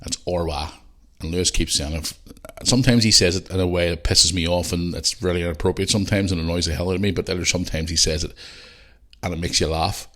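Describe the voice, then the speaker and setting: A middle-aged man with a Northern Irish accent hosting a podcast, rambling and swearing, and growing heated and loud. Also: deep voice, steady tone, fast talker. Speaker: podcast host. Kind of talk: casual monologue.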